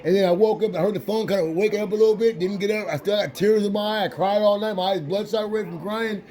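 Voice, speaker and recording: A man's voice: sits high, fairly even intonation, fast, a little mellow. A man telling a family story in a casual, emotional way, repeating phrases and restarting his sentences. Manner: repetitive, restarts phrases, insistent.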